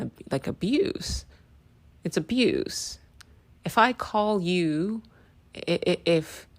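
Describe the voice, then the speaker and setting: A woman with a low, gravelly voice delivers an opinion monologue straight to her audience. She is blunt and profane and keeps checking in with a rhetorical "right?". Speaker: commentator. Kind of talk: direct-to-camera opinion monologue. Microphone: video call.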